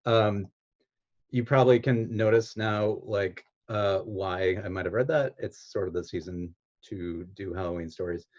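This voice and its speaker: A man, a children's author, reading his story and talking playfully with halting asides. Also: lowish voice, darkish tone, muffled recording. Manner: playful, self-deprecating, halting. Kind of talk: reading own story and talking on an online event.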